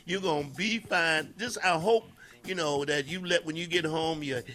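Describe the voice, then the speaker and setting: A man's voice: fairly high pitch, normal speed, sharp tone. A man co-hosting a morning radio show, joking and teasing in playful banter. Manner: playful and teasing, swooping into mock voices. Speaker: radio co-host. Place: radio studio. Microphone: studio microphone.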